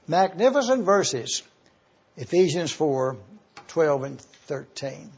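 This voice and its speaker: Husky guy preaching real slow, spelling words out letter by letter, kinda dull lo-fi sound. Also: fairly high pitch, animated, darkish tone. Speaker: pastor. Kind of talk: verse-by-verse Bible teaching sermon.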